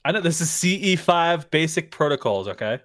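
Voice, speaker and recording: A man's voice: a little high, sing-song, brisk, a loud crowd. A man co-hosting a podcast in casual chat, easygoing and a bit scattered. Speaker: podcast co-host.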